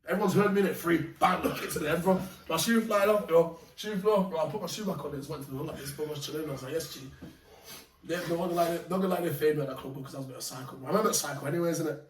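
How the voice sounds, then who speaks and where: A man casually telling animated, slangy stories of fights and bouncer work, laughing often. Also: fairly high pitch, racing. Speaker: podcast guest. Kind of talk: casual storytelling. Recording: echoey room, mic far off, faint noise.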